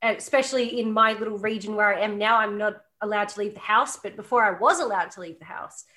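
Bright chatty woman from Australia. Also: medium pitch, fast talker. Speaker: distillery guest. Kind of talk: casual chat.

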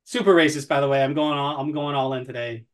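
Guy co-host ranting about whiskey, sarcastic, swears, kinda high voice. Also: fast talker. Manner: sarcastic, profane, mock-threatening. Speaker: podcast co-host, whiskey commentator. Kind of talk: casual podcast chat.

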